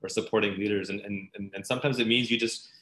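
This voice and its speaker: A man interviewing a guest, speaking in a measured, thoughtful way as he builds up careful questions. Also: fairly low pitch, fairly even intonation, fairly bright tone. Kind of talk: conversational interview. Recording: echoey room.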